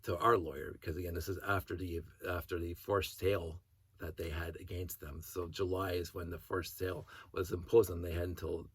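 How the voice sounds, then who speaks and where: A man's voice: low voice, level tone, a little fast, slightly rough, no room sound. A man talking in a rambling, casual monologue as a hobby vlogger, restarting sentences and breaking into short laughs. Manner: rambling, self-interrupting storyteller who laughs between thoughts.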